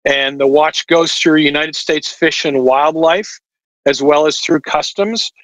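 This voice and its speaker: A man's voice: a little high, measured pace, fairly bright tone, no echo, rough recording. A man talking as a podcast guest over a video call, explaining at length with lots of fillers. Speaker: watch distributor guest. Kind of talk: casual podcast chat.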